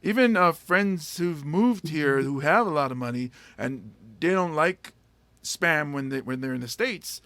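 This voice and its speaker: A man from Hawaii hosting a casual comedy podcast chat, animated and quick to laugh. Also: on the high side, no echo.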